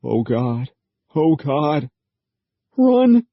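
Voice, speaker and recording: A man's voice: fairly high pitch, big pitch swings, very slow, no echo, pitched above the performer's own voice, full character voice. A man voicing a terrified scrawny office man who whimpers and pleads, in a dry, slightly dull audiobook recording. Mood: panicked whimpering.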